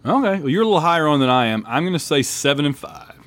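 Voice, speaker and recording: A man's voice: fairly high pitch, very animated, racing, a bit bright. A man co-hosting a casual sports chat, playful and joking. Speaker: podcast co-host.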